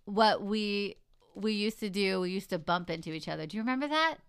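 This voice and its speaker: A woman in casual conversation, telling a story in an animated, expressive way. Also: medium pitch, brisk, clean tone, no echo, clean studio sound. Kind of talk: casual chat.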